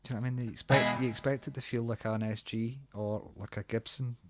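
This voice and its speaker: A man's voice: mid-range voice, fairly even intonation, fast, over loud music. Blunt middle-aged Glaswegian man. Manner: blunt, chatty, laughs often, swears freely. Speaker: guitar reviewer co-host. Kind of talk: casual chat.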